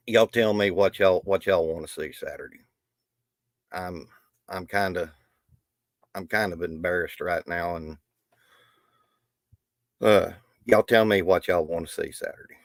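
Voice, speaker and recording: A middle-aged man with a drawl hosts a live stream in a loose, folksy ramble, often restarting his sentences. His voice sits on the low side and sounds dry and close, with almost no room around it. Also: measured pace, pauses often, no room sound. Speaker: livestream host. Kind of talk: casual live stream talk.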